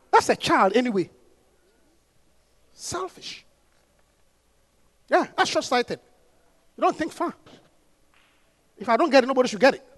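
Male pastor with a very high, bright voice; repetitive, impassioned preaching that swells into shouting. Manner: repetitive, call-and-response preaching. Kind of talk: sermon.

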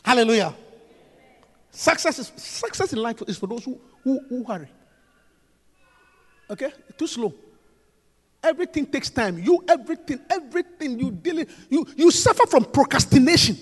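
A man preaching a sermon, emphatic and repetitive, swinging between hushed lines and shouts. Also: extremely high pitch, animated, moderate pace, pauses often, breathy edge, in a large hall.

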